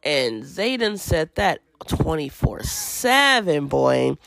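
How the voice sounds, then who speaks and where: Casting: laid-back woman podcast host, slightly low, gravelly voice, rambling and laughing, dry close sound. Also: very animated, takes it slowly, fairly bright tone, no room sound. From Washington. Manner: chatty, laughing, many fillers. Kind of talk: casual parenting chat. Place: at home with a toddler.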